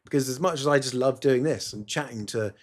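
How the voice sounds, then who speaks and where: A man's voice: mid-range voice, brisk. Rambling sarcastic man podcasting. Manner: sarcastic, rambling, self-interrupting. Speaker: podcast host. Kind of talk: solo podcast monologue. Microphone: phone camera.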